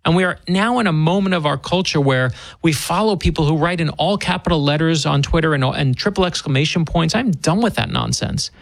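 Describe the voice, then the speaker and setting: A fairly high-voiced man with a gravelly edge to his speech, giving an emphatic interview as an author guest. He is earnest and often doubles up words as he gets going, and his voice sounds close and dry with no room around it. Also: brisk, hardly any pauses, no room sound. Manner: earnest, emphatic, repeats words when starting. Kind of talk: radio interview.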